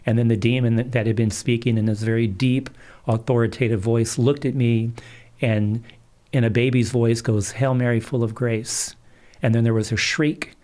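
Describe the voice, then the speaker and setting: A middle-aged man, a Catholic priest, calmly telling stories in an interview. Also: mid-range voice, moderate pace. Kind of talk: storytelling in a livestream interview.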